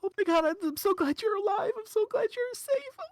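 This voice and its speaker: A man's voice: extremely high pitch, animated, fast talker, no echo, pitched above the performer's own voice. A man voicing a small tearful little girl who pleads and repeats herself in a tabletop game.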